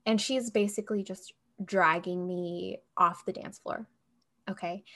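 A young woman co-hosting a podcast, telling a story in casual chat, animated and profane, acting out quotes. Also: on the low side, measured pace. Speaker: podcast co-host.

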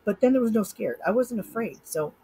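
A woman's voice: medium pitch, animated, a little fast, warm tone, slightly rough, poor audio. A middle-aged woman from Utah, a hypnotist guest in an interview, telling a personal story with animation and acting out her own thoughts. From Utah, USA.

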